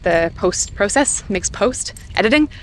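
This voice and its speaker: A woman's voice: mid-range voice, expressive, unhurried, slight background noise. Chatty woman vlogging, lots of "like". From Canada. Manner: chatty, laughs often, says "like" a lot. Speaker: vlogger caring for senior pugs. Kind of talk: casual vlog chat to camera. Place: outdoors on a quiet new-build street.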